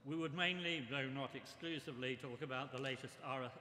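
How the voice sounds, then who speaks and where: A man's voice: medium pitch, sharp tone, a little hiss or hum. Older man giving an echoey memorial tribute. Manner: measured, reminiscing delivery. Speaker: memorial speaker. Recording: echoey hall with long reverb.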